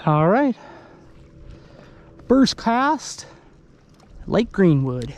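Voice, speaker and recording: A man from Idaho giving excited, chatty commentary to the camera while fishing from a kayak on a lake. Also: sits high, slow, long pauses, a little hiss or hum. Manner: excitable, exclaiming, chatty with viewers. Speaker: fishing vlogger. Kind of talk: casual outdoor commentary to camera. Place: kayak on an open lake outdoors. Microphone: handheld camera.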